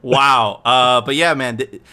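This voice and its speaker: A man's voice: medium pitch, slow, clean tone. A man hosting a live stream, chatting casually with profanity and frequent laughter. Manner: profane, laughing, animated ranting. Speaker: podcast host.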